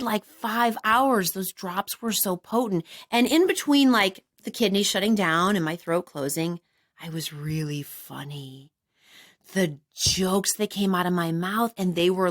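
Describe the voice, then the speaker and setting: A woman in her forties hosting a casual chat, telling a funny story and jumping up high when she acts out what people said. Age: 40s. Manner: animated, acts out quoted voices in high bursts. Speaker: podcast host.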